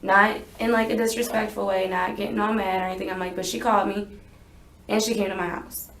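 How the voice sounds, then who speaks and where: A woman's voice: medium pitch, level tone, fairly quick, fairly bright tone, slight background noise. A young woman telling a police interviewer what happened, rambling and unsure, hedging her memory as she goes. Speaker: witness being interrogated. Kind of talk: recounting events in a police interview. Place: interrogation room. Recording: echoey interview room.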